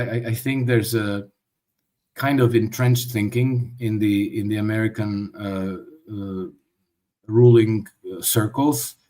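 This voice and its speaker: A man's voice: mid-range voice, a little mellow. A man giving an interview as a guest commentator, talking in a thoughtful way and often restarting his words. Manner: thoughtful, with frequent restarts and stammers. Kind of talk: conversational interview.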